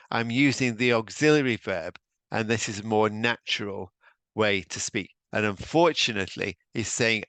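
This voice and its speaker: A man teaching a spoken English lesson, modelling phrases slowly with clear emphasis for learners to repeat. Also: on the low side, steady tone, a bit bright, dry recording. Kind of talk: spoken language lesson with drills.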